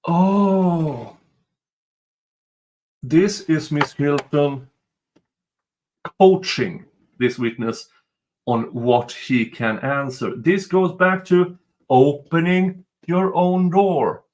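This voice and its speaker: A man's voice: on the high side, slow, a little mellow. A man commenting on a court transcript he reads aloud, with emphatic, exasperated asides.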